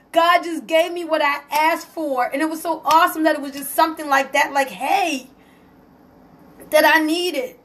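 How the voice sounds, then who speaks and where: A woman hosting a casual live stream, excited and emotional as she talks to viewers and reads their comments aloud. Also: high voice. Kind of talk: casual Facebook Live testimony.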